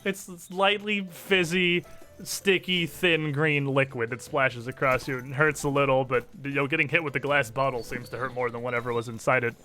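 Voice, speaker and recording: A man's voice: medium pitch, steady tone, normal speed, pushed and bright, soft background music. A man narrating a tabletop fantasy game as game master, laughing often as he describes the action.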